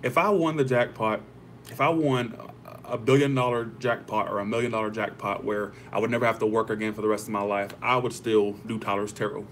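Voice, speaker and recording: A man's voice: fairly low pitch, fairly even intonation, brisk, slight background noise. A young man hosting a tarot livestream, chatting casually with viewers, rambling and swearing freely.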